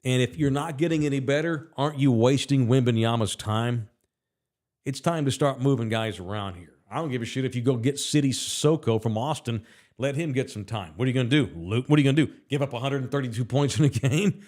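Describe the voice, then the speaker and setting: A man's voice: medium pitch, a little fast, darkish tone. A man hosting a sports talk show, ranting in a blunt, heated, profane way and reading out listener comments. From Texas. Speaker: sports radio host. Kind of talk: casual opinionated sports talk.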